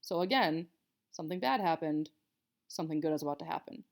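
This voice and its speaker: Young woman teacher rambling through a writing lesson, lots of "like", kinda low and creaky. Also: lively intonation, a little fast. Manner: chatty, filler-heavy explaining with many "like"s. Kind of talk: casual recorded writing lesson.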